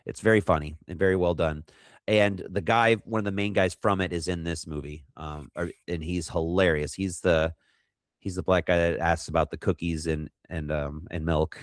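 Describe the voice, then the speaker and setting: A man co-hosting a podcast, rambling through a movie recap and acting out quotes in quick funny voices. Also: low-pitched, fairly even intonation, no room sound, clean studio sound. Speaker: podcast co-host. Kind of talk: casual movie recap chat.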